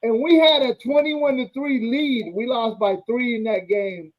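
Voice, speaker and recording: A man's voice: extremely high pitch, a little slow. A man co-hosting a casual sports talk show, laid-back and cursing, saying bro often. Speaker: podcast co-host. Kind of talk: profane casual sports chat. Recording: dull lo-fi audio.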